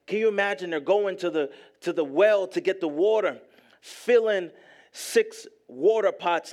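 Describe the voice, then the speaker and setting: High-voiced, slow-preaching man. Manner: emphatic, repetitive, rising to shouts. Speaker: pastor. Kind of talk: sermon.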